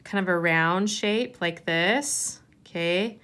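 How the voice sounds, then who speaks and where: A woman's voice: on the low side, slow, a bit bright, smooth. A woman giving a hands-on clay tutorial, explaining each step patiently. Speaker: clay art teacher.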